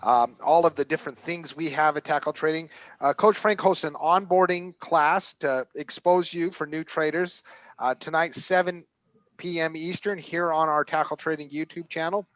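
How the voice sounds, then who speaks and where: Brisk male co-host with a slightly raised pitch, recorded dull and dry. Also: fairly bright tone, no room sound. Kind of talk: casual announcements.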